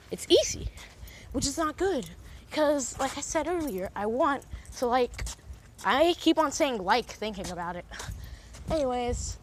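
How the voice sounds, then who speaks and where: A young woman records a slow, meandering vlog on her phone, her voice slightly high. She rambles, stops to correct herself and leans on filler words. A steady noise sits under the recording. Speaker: vlogger. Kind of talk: rambling casual monologue. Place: recording on a phone while out and about.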